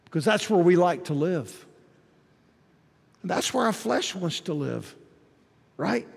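A man preaching from the pulpit, his voice sitting high for a man and ringing through a long hall reverb. He drops to soft asides, then climbs to shouted emphasis. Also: sing-song, takes it slowly, creaky, breathy edge. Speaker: pastor. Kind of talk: sermon.

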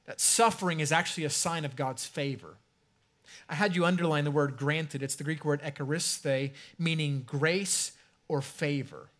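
A man preaching a sermon as a pastor in a conversational way, slowing right down to stress key phrases and trailing off softly at the ends. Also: on the high side.

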